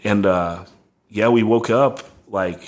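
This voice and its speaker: A man's voice: on the low side, takes it slowly. A young man casually telling a rambling, profane tour story, full of "like" and laughs. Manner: rambling, heavy on "like", swearing, laughing.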